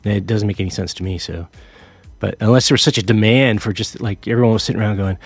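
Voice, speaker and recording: A man's voice: fairly low pitch, fast talker, dry recording. A middle-aged man from Canada hosting a music radio show, telling a rambling, self-deprecating story in casual chat. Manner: rambling, self-deprecating, with animated quoted voices. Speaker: radio host and DJ.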